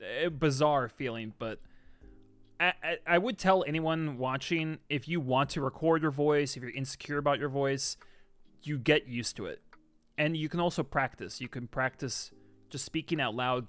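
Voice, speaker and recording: This streamer chats loosely while going through comments from his viewers, sometimes erupting with excitement and sometimes dropping into soft side remarks. He has a mid-range voice at a normal speed, with no room sound.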